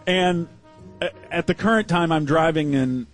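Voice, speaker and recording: A man's voice: fairly high pitch, normal speed, soft background music, rough recording. A man hosting a sports radio show, telling a story in a chatty, self-deprecating way from a studio. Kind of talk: casual storytelling on air.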